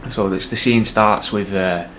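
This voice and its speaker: Rambling man, low voice. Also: fairly even intonation, measured pace, pushed and bright, slight background noise. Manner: rambling, hesitant, says "and that". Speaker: comedy podcast host. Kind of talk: casual sketch pitch.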